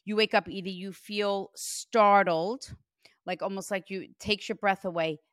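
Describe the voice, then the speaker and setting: A woman giving a spirit reading as a medium, speaking in an animated, emphatic and reassuring way. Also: mid-range voice, unhurried, no room sound, studio quality. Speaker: psychic medium.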